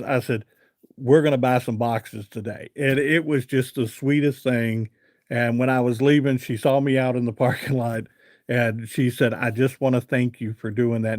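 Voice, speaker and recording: A man's voice: medium pitch, darkish tone, no room sound, clean studio sound. A man hosting a live chat, telling a rambling everyday story with lots of fillers and "I said" asides. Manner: chatty, rambling with fillers and repeated "I said". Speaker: livestream host.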